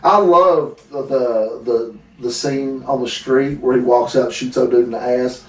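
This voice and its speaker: A man talks through a film he liked in a loose, easygoing way, often dropping sentences halfway. His mid-pitched voice is heard from a distance in an echoey room. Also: a little slow. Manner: relaxed, trails off mid-sentence. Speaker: co-host. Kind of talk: casual movie review chat.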